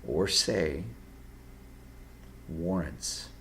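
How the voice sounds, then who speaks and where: Low-voiced male host, unscripted and direct, earnest advice with halting restarts; slight background noise. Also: animated, gravelly, a bit bright. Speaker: video host giving personality-type advice.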